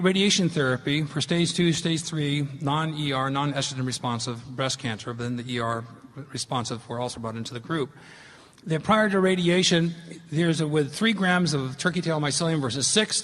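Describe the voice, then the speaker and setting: A man's voice: on the high side, normal speed, a bit bright. A middle-aged man giving a public lecture with slides, earnest and emphatic as he tells a story. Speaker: speaker giving a talk. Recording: long hall reverb.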